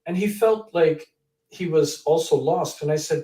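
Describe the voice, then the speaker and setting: A man with a slightly high yet mellow voice tells an animated story in an interview, jumping into the voices of the people he met. He sits some way from the mic, and the room echoes around him. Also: a little slow, far from the mic. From Canada. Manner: animated storyteller who acts out quoted people. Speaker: author and guest.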